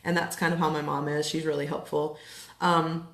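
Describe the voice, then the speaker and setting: A woman's voice: deep voice, level tone, normal speed, creaky, a bit bright. A woman in her thirties chatting casually to camera at home, full of fillers and likes, getting emotional at times. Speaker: essential oils seller. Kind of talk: casual live chat to camera. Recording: echoey room.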